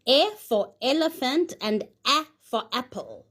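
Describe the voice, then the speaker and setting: A woman's voice: high-pitched, sing-song, unhurried, fairly bright tone, slightly rough. A woman teaching a phonics lesson, sounding out each letter and then saying the whole word. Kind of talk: slow, deliberate phonics lesson.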